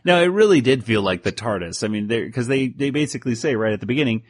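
A man co-hosts a casual podcast chat, recapping a story as he goes. He keeps interrupting himself, laughs often and sounds mildly flustered. His voice sits at an ordinary pitch in a dry, close recording. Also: animated, fairly quick, hardly any pauses, no room sound. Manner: rambling, self-interrupting recap with frequent laughs. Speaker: podcast co-host.

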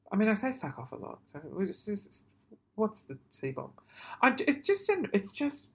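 A man's voice: high-pitched, sing-song, measured pace, vocal fry. A man ranting casually to camera, swearing freely and then apologising, in a rambling, self-deprecating way. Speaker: vlogger.

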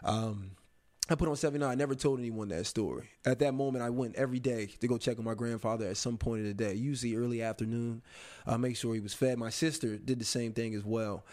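In an interview, a young adult man tells a personal story reflectively, halting often with pauses and restarts. His voice is mid-range and slightly dark in tone, with fairly even intonation.

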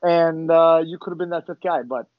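A man's voice: fairly high pitch, normal speed. A man, a podcast guest, talking in easygoing casual chat and laughing along with the host. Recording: dull, dry sound.

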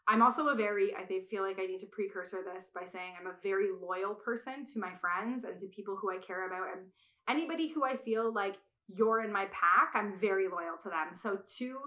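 A young woman tells a story in a casual podcast chat, her voice bright and forceful. She swears freely and bursts into loud acted-out quotes. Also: medium pitch. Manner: animated, swearing, acts out quotes loudly. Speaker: podcast guest.

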